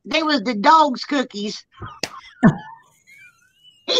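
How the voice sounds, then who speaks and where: High bright-voiced woman, laughing. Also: measured pace, long pauses, no room sound, dull audio. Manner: blunt, joking, laughs often. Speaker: YouTube channel host. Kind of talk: casual chat.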